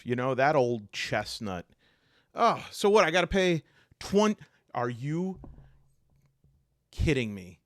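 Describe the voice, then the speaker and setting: A man rambles through an unboxing, his pitch leaping up and down as he grows exasperated. He restarts his sentences often and talks casually, straight to the viewer. The sound is dry and close, with no room echo. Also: very animated, slow, long pauses. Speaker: tabletop game reviewer.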